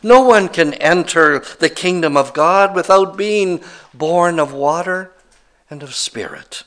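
A man preaching a sermon voices Jesus as a plain-spoken teacher who is gently impatient with his listener. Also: fairly high pitch, animated, takes it slowly, heavily acted. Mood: patient. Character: Jesus, a patient but exasperated male teacher.

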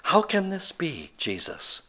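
Nicodemus, a preacher voicing a bewildered, literal-minded scholar. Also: male voice, sits high, huge pitch swings, takes it slowly, pushed and bright, full character voice. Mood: puzzled. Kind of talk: sermon.

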